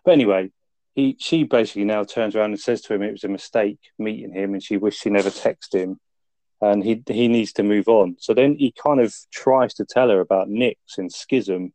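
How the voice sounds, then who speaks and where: Lowish and mellow, this man's voice moves briskly with no room sound behind it. Co-hosting a film review podcast, he casually recounts the plot, full of swearing, laughs and relaxed storytelling.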